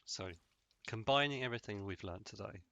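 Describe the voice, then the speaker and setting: Bright-voiced man rambling over gameplay. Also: on the low side, fairly quick, gravelly, dry recording. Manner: rambling, jokey, deadpan asides. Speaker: let's play host. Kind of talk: casual gameplay commentary.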